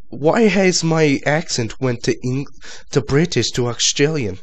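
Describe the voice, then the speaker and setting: A man's voice: mid-range voice, lively intonation, measured pace, few pauses. A young man doing a comedic fan dub, improvising profane, rambling, self-mocking lines. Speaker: fan dubber.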